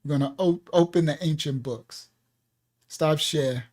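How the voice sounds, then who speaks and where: A man's voice: a little high, unhurried, darkish tone. A man leading an online Bible lesson as pastor, talking in a loose, repetitive way with laughing asides.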